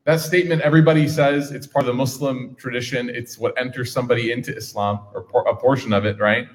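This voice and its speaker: A man's voice: mid-range voice, steady tone, quick pace. A man teaching a class on scripture, casual and engaging, asking his audience questions. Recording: reverberant hall.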